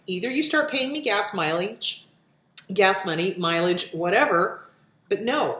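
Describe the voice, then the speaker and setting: A woman's voice: mid-range voice, expressive, a little slow, a bit bright, roomy sound. A woman hosting a question-and-answer show, answering viewer questions with blunt, profane, emphatic advice. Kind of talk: casual advice talk.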